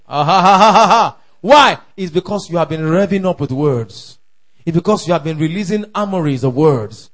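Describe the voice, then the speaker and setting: High-voiced fervent preacher. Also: male voice. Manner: fervent, shouting declarations with laughter. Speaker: pastor. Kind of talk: sermon.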